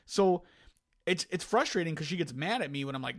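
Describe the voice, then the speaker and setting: Rambling man telling stories, somewhat high voice. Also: brisk. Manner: rambling, animated storytelling with lots of restarts. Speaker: podcast co-host. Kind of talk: casual chat.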